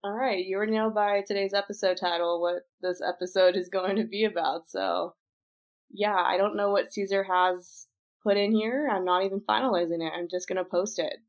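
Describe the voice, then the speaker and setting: A woman's voice: mid-range voice, steady tone, fairly quick. A woman hosting a podcast in casual outtakes, laughing, apologizing and restarting her story lines again and again. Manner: breaks off to retry story lines. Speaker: podcast host.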